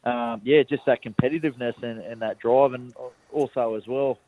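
A man's voice: mid-range voice, fairly even intonation, moderate pace, narrow, tinny audio, slight background noise. A young man with a rural Australian accent, a rugby league player, talking casually by phone in a radio interview and laughing easily at himself. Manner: laid-back, self-mocking, laughs easily.

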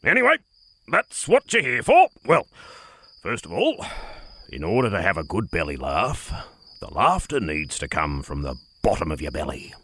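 A man's voice: low-pitched, huge pitch swings, normal speed, sharp tone, husky, no echo, studio quality, voice pushed down, full character voice. A man voicing a strict old male dog who teaches laughter, in a storybook reading. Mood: instructive. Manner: stern, commanding teacher.

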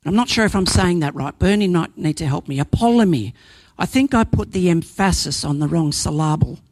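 A man's voice: fairly high pitch, fairly quick, dry recording. A man preaching a sermon, earnest and emphatic, building points through repetition and sometimes restarting a phrase.

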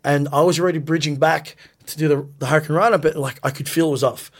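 A man's voice: fairly high pitch, steady tone, fast. A man, a wrestler telling stories casually in an interview, acting out quoted lines in a raised voice. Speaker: professional wrestler guest. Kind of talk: casual storytelling in a podcast interview.

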